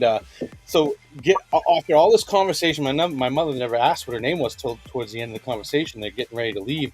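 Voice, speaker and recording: A young man, telling a story in casual, profane podcast chat. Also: medium pitch. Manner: profane, laid-back storyteller. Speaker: podcast guest.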